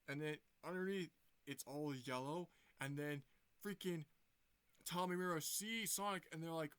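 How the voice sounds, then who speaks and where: A man's voice: a little high, normal speed, a bit bright, smooth, dry recording. Rambling young guy retelling a movie. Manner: rambling, many fillers and restarts. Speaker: movie reviewer. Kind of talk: casual plot retelling.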